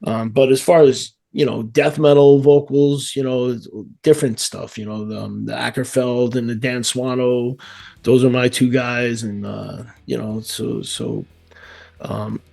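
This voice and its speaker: A man's voice: mid-range voice, fairly even intonation, a little slow, creaky, a little mellow. A man from New York with a New York accent, a metal band vocalist chatting casually in an interview, rambling with many fillers and restarts.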